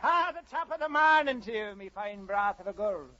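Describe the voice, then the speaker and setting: A blarney-spouting Irish setter. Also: male voice, high-pitched, expressive, a little fast. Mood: blarney-filled. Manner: lilting, blarney-filled, hammy. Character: jolly Irish policeman turned Irish setter dog. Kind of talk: 1940s radio comedy acting. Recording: hissy lo-fi 1940s radio broadcast.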